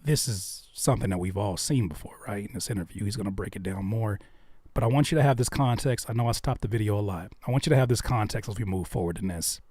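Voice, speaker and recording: A man hosting reaction commentary, swinging between heated ranting and hushed asides. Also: fairly low pitch, fast, no room sound. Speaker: host.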